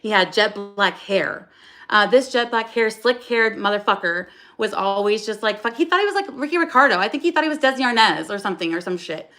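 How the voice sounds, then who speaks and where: A woman's voice: mid-range voice, lively intonation, a little fast, pushed and bright, soft background music. Blunt, emotional woman livestreaming. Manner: raw, blunt and profane, with frequent restarts. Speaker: livestream host. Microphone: phone.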